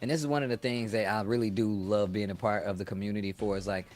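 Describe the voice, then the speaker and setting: Hyped male caster giving shout-outs. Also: fairly low pitch, fairly even intonation, fast. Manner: hyped, casual slang, gives shout-outs. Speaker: commentator. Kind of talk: esports commentary.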